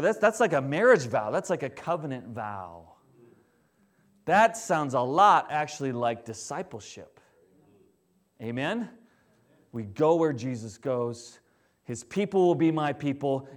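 Man, pastor, sermon, conversational, animated, fairly high pitch. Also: measured pace.

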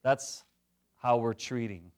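A middle-aged man preaching a sermon, jokey and animated, swinging from loud to hushed. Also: medium pitch, slow. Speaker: pastor.

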